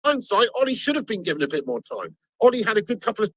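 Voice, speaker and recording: A man's voice: high-pitched, very animated, fast talker, no echo, poor audio. A man ranting and swearing as he streams a football match live. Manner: angry, swearing rant. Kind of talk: live watch-along rant.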